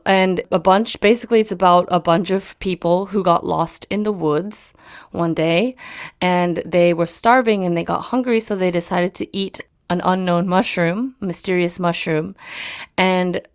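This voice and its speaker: Lively woman telling stories, low-pitched. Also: a little slow, clear, resonant tone. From Japan. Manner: animated storytelling with fillers. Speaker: musician guest. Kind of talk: casual interview chat.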